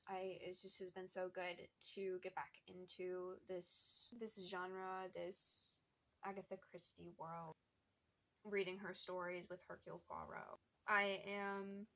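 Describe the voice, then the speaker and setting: A woman's voice: medium pitch, fairly bright tone. A young woman chatting casually about what she's reading, rambling along with lots of fillers and small laughs. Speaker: book vlogger. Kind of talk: casual book chat.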